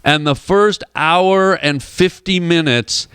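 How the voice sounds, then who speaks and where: A man's voice: fairly high pitch, slow pace, fairly bright tone, clear, resonant tone, no echo, studio quality. A man, a comedian and actor guest on a radio show, telling rambling comic anecdotes and acting out the people in them. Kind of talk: animated storytelling on a radio show. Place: radio studio.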